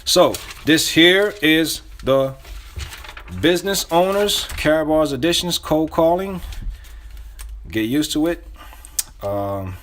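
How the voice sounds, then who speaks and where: A man's voice: a little high, animated, takes it slowly, long pauses, a bit bright. A man giving casual sales coaching, talking loosely with restarts and repeating himself as he acts out sample phone calls. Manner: loose, conversational phrasing with restarts. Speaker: sales trainer. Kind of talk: casual instruction.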